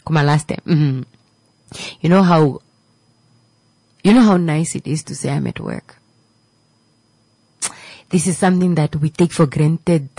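A woman hosts a radio show with a low voice, giving a heartfelt motivational talk to her listeners. She repeats her lines and sinks into near-whispers, and her voice comes across dry and close on a studio mic. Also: moderate pace, long pauses, warm tone, breathy edge, no room sound, low-quality recording. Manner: repetitive, preachy, emotional, drops to a whisper at times. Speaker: radio host.

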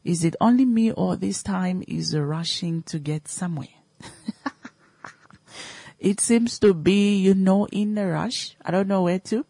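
A woman's voice: mid-range voice, a little slow, warm tone, no room sound. A woman radio host, talking casually to listeners with many fillers and questions.

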